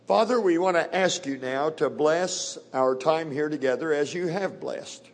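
A middle-aged man preaching a sermon, reading scripture in a measured, deliberate way and leaning on key words. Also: on the high side. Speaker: pastor. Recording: long hall reverb.

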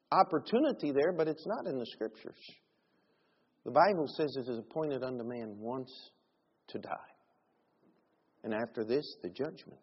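A man preaching a sermon as pastor, swinging between loud emphatic bursts and quiet low asides. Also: slightly rough. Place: church sanctuary. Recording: lo-fi church audio with long reverb.

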